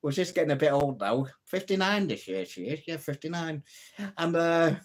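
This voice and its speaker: A man's voice: a little high, lively intonation, normal speed. A man hosting a live stream, telling jokes, laughing at his own puns and chatting to viewers. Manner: greets and answers viewers' comments.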